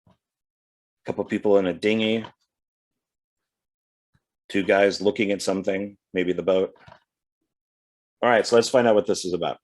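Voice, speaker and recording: A man who collects DVDs talks casually through his purchases, reading the back covers aloud and chatting along the way. His voice is low and steady, at a moderate pace broken by long pauses.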